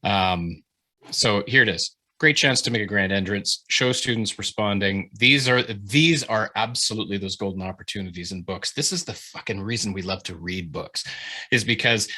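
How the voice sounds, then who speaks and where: Speaking at a normal speed in a lowish voice, a man critiques work in a writing workshop held over video call. He's animated and informal, cursing freely and often starting his sentences over.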